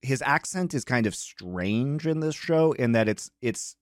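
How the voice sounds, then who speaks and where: A man's voice: medium pitch, expressive, unhurried, no room sound, clean studio sound. A man hosting a podcast, chatting casually and explaining with enthusiasm. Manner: enthusiastic, explanatory, many fillers. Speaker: podcast host.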